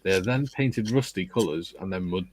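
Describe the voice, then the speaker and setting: A man's voice: low-pitched, normal speed, no echo, low-quality recording. A man co-hosting a casual model-building livestream, reading out viewer comments and joking. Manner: reads chat comments aloud, jokey. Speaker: livestream co-host.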